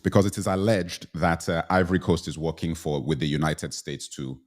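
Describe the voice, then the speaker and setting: A man's voice: sits low, a little fast. A middle-aged man hosting a live commentary stream, greeting viewers by name and repeating his phrases, a little congested from sneezing. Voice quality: repetitive, says phrases twice. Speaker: live show host.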